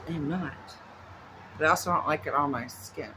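A woman's voice: sits low, a little fast, bright, forceful tone, slight background noise, poor audio. A woman vlogging at home in a casual, chatty way, rambling off into asides. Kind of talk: casual chat. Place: at home with her dog nearby.

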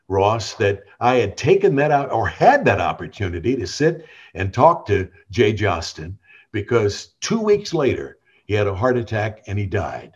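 A man's voice: on the low side, normal speed, dull audio. An older man from Tennessee with a light Southern accent, a veteran radio host telling stories in an interview and acting out the quoted lines. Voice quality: smooth, polished broadcaster delivery. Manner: animated, acts out quoted dialogue. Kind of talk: storytelling reminiscence.

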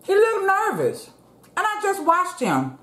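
A woman hosting a casual eating show from her home, chatting to viewers in a relaxed way and calling them "y'all". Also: very high voice, unhurried. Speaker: mukbang vlogger. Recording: roomy echo.

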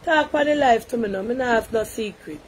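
A woman's voice: on the high side, a little hiss or hum. Jamaican woman hosting a live call-in. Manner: brisk, coaxing and soothing. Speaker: live stream host.

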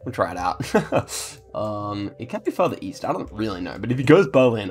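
Gravelly low-voiced man commentating gameplay. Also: expressive, normal speed. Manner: thinks aloud, chatty, talks to viewers. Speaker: gaming channel host.

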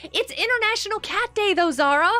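A woman's voice: extremely high pitch, animated, brisk, pushed and bright, faint music behind. A woman hosting her own game server on a live stream, chatting casually with viewers, bubbly and giggly, reading their messages aloud.

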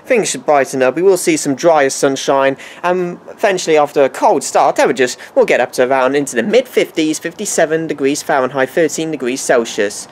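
A man reads out a homemade weather forecast in a put-on American accent, his voice sitting a little high. He rambles, stops and restarts his sentences, and corrects himself as he goes, with faint hiss under the voice. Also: a little fast, hardly any pauses.

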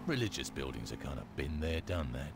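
Blunt British gang leader, game role, dry clipped lines, very animated pitch. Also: male voice, a little fast, creaky, background noise, heavily acted. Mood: businesslike. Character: tough British male gang boss, blunt and cocky.

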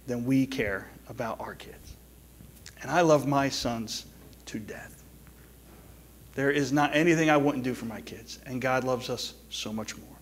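Middle-aged pastor preaching a sermon. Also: male voice, mid-range voice. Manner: storytelling with quick asides, then soft pleading exhortation. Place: church sanctuary.

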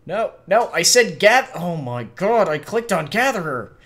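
In a high-pitched, sing-song, somewhat bright voice, a podcast co-host speaks unhurriedly during a casual chat about tabletop game world-building. He explains fantasy lore and authoritatively corrects pronunciation.

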